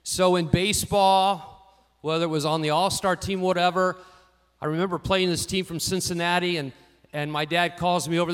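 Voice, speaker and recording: A man preaching a sermon, telling personal stories and swinging from quiet asides to louder emphatic lines. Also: high-pitched, steady tone, moderate pace, clear, resonant tone. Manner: storytelling, varies loudness widely, rising for emphasis. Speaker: pastor.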